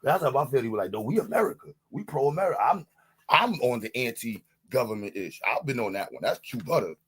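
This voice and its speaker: A man's voice: mid-range voice, sing-song, a little fast, husky. A man on a live-stream panel, boasting and taunting, leaning on the same catchphrases again and again in a heated rant.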